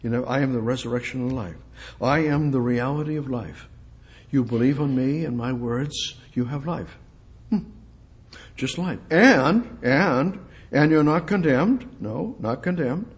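A man delivering a sermon and reading Bible verses aloud. He presses his points by repeating short phrases and putting questions to his listeners. His voice rises into loud exclamations and then drops to quiet asides. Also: a little slow. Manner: swings between loud exclamations and low asides. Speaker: preacher.

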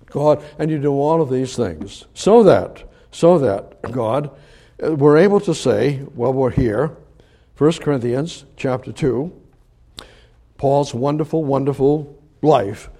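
An older man preaching a conversational sermon, swinging between emphatic rises and quiet, low asides. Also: expressive, slow. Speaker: pastor.

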